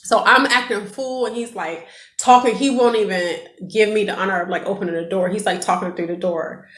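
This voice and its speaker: A woman's voice: mid-range voice, brisk, fairly bright tone. Chatty woman telling a storytime. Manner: chatty, emotional storyteller addressing viewers. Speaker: vlogger. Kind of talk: storytime vlog. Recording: echoey room.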